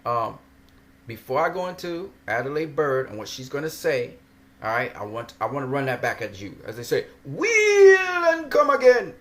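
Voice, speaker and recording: A man's voice: mid-range voice, normal speed, fairly bright tone. A man giving casual, emphatic commentary on boxing videos, often repeating himself. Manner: conversational, repetitive, emphatic.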